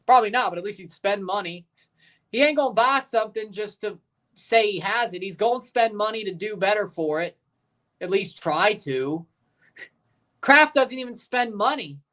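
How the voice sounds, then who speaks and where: A woman hosting a live hockey watchalong, giving relaxed play-by-play, answering chat questions and erupting into shouts on goals. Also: medium pitch, moderate pace. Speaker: livestream host.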